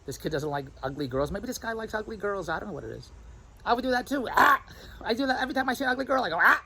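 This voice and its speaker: Fast-talking rambling man vlogging. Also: high voice, heavy background noise. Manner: animated, repetitive, mimics others' voices. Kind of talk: rambling self-recorded monologue.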